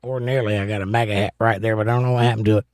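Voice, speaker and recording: A man's voice: on the low side, fairly even intonation, racing, a little mellow, no echo, clean studio sound. Joking American man reading live chat. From United States. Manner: joking, playfully combative banter. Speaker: livestream host. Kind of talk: casual livestream chat, reading viewer comments.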